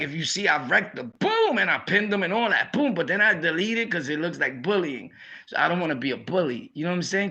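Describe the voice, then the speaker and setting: A young man with a New York accent tells stories in a loose, slangy vlog style. His voice sits a bit high and sounds gravelly. It also has a bright edge, and he slips into animated voices as he talks. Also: lo-fi sound. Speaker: YouTube storyteller. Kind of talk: casual storytelling vlog.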